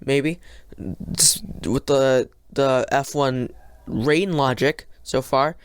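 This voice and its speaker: A solo podcast host reviews a race in a loose, excitable ramble that keeps tipping into rants. The voice is smooth and clean, and it sits at an ordinary middle pitch. The sound is close and dry, with no room around it. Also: takes it slowly, dry recording. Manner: frequent fillers and restarts.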